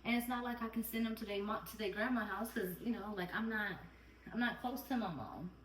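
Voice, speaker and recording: A woman vlogs as a mom in a medium-pitched, fairly bright voice, talking fairly quickly with slight background noise. Her candid, heartfelt chat is earnest and repetitive, occasionally near tears, recorded at home in a roomy, distant way.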